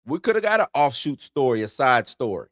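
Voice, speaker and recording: A man's voice: mid-range voice, very animated, fairly quick, a bit bright, no echo, clean studio sound. A man hosting an entertainment news show in loose, slangy casual commentary, chuckling between points.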